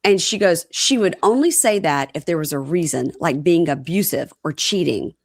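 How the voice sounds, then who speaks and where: A woman co-hosting a casual chat, retelling scenes with lively acted-out quotes. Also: low-pitched, normal speed, no echo, studio quality. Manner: animated retelling, acting out quotes. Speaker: podcast co-host recapping reality TV.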